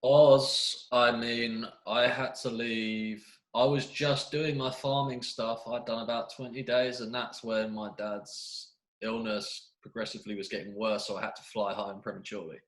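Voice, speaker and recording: A young man chatting as a guest on a podcast, telling stories in a relaxed way. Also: mid-range voice, measured pace, echoey room, rough recording. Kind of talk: casual podcast chat.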